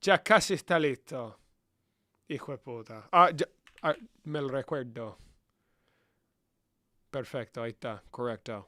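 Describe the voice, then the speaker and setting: Profane young man streaming, smooth voice. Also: medium pitch, moderate pace, pauses often, bright, forceful tone, no room sound, studio quality. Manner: profane, bantering, answers chat questions aloud; drifts between English and Spanish. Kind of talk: casual live-stream chat.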